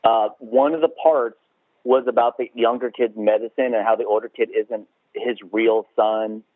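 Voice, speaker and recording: A man's voice: mid-range voice, fairly even intonation, normal speed, no room sound. A man co-hosting a podcast from his rural house, chatting about a movie in a rambling, swearing way and mocking scenes in put-on voices. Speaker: podcast co-host. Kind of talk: casual movie review chat. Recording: tinny phone-like line, dry.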